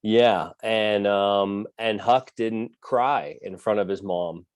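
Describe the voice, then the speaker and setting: A man co-hosting a podcast, telling a personal story in a low voice. He talks in halting starts full of fillers, with a fatherly tone, recorded dry and close. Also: steady tone, smooth, dry recording. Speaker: podcast co-host.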